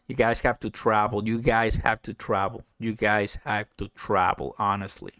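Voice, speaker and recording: Chatty excitable man on a dry mic. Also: on the low side, moderate pace, no echo. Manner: chatty, excitable, laughs often, reads viewer comments aloud. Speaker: live stream host. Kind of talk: casual live stream chat.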